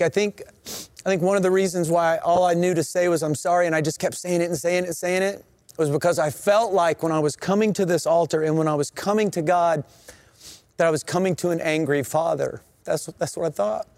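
A man's voice: a little high, fairly even intonation, a little fast, a little mellow, no echo. Earnest male pastor, dry close sound. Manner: earnest, emotional storytelling with repeated phrases. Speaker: senior pastor. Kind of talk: personal testimony sermon. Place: in a church sanctuary.

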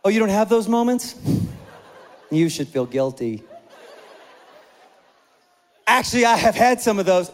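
High-voiced animated pastor man. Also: in a large hall. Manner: animated, conversational, self-deprecating humor. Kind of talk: sermon.

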